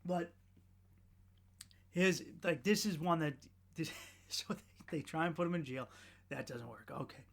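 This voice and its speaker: A man's voice: a little high, measured pace, gravelly, long pauses, a bit bright. Sardonic, rambling male podcast host. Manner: sardonic, profane and rambling, with frequent restarts. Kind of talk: comedic podcast rant.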